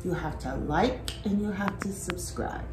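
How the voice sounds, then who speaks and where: A woman's voice: lowish voice, measured pace, reverberant, over music. A woman chatting casually with a friend, laughing along and eagerly retelling a funny moment. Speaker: friend and co-guest. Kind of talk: casual chat.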